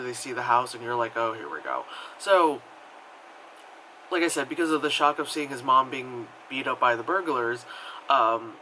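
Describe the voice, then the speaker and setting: A man's voice: pushed and bright, slight background noise, rough recording. A man giving a casual, digressive movie review, sarcastic and swearing, with lots of fillers and restarts. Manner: mocks characters in high put-on voices.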